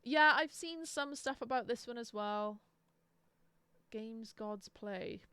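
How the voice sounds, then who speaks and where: Young woman, bright crisp voice, dry close sound, sarcastic casual stream chat. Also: fairly high pitch, slow, dry recording. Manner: chatty, sarcastic, swears freely. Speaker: book streamer.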